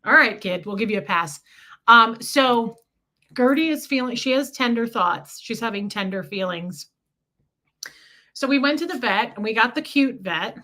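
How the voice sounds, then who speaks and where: A woman's voice: on the high side, expressive, moderate pace, sharp tone. A woman hosting a casual livestream, rambling through a story and greeting viewers as she goes. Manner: scattered, chatty, greets viewers mid-story. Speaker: livestream host.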